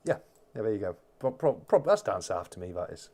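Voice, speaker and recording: A man's voice: fairly low pitch, very animated, a little fast, mellow. A man hosting a casual live-stream chat, reading out viewer comments and rambling with many restarts.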